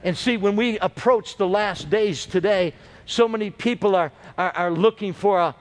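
A man with a notably high voice preaches a sermon as pastor, weaving long anecdotes together. He keeps turning to the congregation with calls for an amen, and his delivery is loose and conversational. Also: normal speed. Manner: storytelling preacher with call-and-response.

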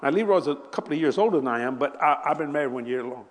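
A man in his seventies preaching a sermon, telling a personal story with lots of laughter and sudden loud bursts. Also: on the high side, quick pace. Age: 70s. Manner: animated, laughing, bursts of shouting. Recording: echoey hall.

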